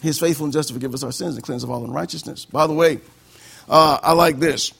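Man, preacher, gravelly, husky, animated sermon. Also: a little high, quick pace. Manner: animated, acts out conversations. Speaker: pastor.

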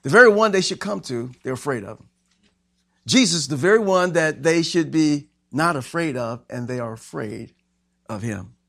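A man preaching a sermon as pastor, animated and acting out the scenes he tells. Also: on the high side, normal speed, creaky, no room sound, clean studio sound. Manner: animated, acts out scenes with shouting voices.

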